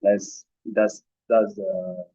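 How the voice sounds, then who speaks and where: A man's voice: lowish voice, little pitch movement, extremely slow, warm tone, slightly rough. A man teaching physiotherapy techniques, demonstrating on a partner with short commands mixed with explanations. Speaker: physiotherapy instructor. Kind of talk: hands-on demonstration with verbal cues. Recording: dull, lo-fi sound.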